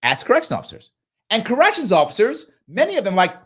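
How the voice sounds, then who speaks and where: A man comments live on a clip for his show, talking in an emphatic, repetitive way. His voice sits a little high and rises and falls widely as he acts out the people he quotes. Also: huge pitch swings, fast talker, a bit bright, breathy edge. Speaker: host reacting to a clip.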